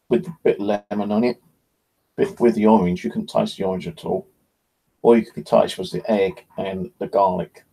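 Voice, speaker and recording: A channel host rambles in casual, blunt talk and swears freely. His voice sits low with a gravelly crackle and a husky edge. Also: mellow.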